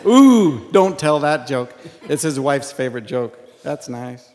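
A man's voice: medium pitch, expressive, measured pace, darkish tone. Joking man on stage in a reverberant hall. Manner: joking, laughs often. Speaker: speaker on stage. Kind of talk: casual storytelling to an audience.

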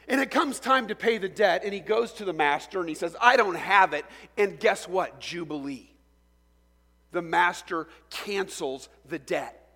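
Man, pastor, sermon; raised pitch, gravelly edge, lively storyteller asking the room questions, long hall reverb. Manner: animated storytelling with rhetorical questions.

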